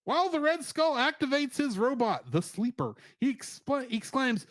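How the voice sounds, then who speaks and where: A man's voice: very high-pitched, very animated, normal speed, no room sound, clean studio sound. A man co-hosting a podcast, chatting casually and animatedly, laughing often as he rattles off trivia. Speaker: podcast co-host. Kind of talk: casual review chat.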